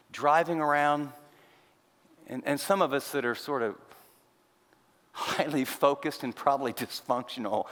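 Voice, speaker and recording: A man's voice: mid-range voice, fairly bright tone. An older man, a pastor, preaching a sermon as a conversational story, earnest and confiding with self-deprecating asides. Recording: long reverb of a large hall.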